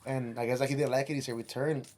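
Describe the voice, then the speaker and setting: A man's voice: mid-range voice, fairly even intonation, quick pace, crowd noise. A man, a musician guest on a podcast, telling a rambling, profane story and slipping Spanish phrases into his English.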